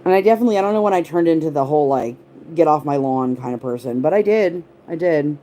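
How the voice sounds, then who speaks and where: A deep, dark voice delivers rapid-fire, animated chatter from a woman of around forty hosting a casual livestream, with slight background noise present. She rambles on tangents, answers viewer comments, and leans on the word "like."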